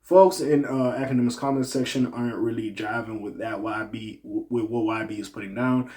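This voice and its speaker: A man runs a casual hip-hop news commentary in a relaxed, way. He jumps from loud, excited reactions to quiet muttered side comments. His voice sits at an ordinary mid pitch for a man. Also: brisk. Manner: animated, swings from loud exclamations to low muttered asides. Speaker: commentary channel host.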